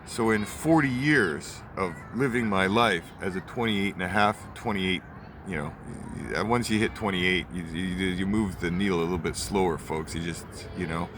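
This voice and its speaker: A young man in his twenties vents in a heated, profane rant that circles back on itself. His voice sits a little low, and he is recorded outdoors with clear traffic noise rolling past behind him. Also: moderate pace. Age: 20s. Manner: heated, repetitive, swears often. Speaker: vlogger.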